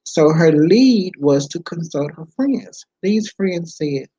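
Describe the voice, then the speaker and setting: Slow husky woman reading aloud. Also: lowish voice, lively intonation, warm tone, dry recording, lo-fi sound. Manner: unhurried read-aloud with casual asides. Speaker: book reader. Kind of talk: reading a self-help book aloud.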